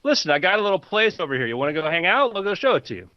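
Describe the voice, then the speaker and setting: A man's voice: sits high, sing-song, rapid-fire, dry recording, lo-fi sound, pitched above the performer's own voice. A man voicing a laid-back young male jungle loner with easygoing, placating bro talk.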